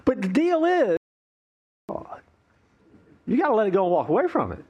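A male pastor preaching a playful, animated sermon, acting out the voices of complaining people. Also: high-pitched, normal speed, pauses often, slightly rough, lo-fi sound.

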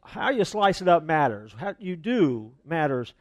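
A man preaching a sermon as the pastor of a church, in a relaxed, conversational manner with fillers and asides. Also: a little high, a little slow, dry recording, highs cut off.

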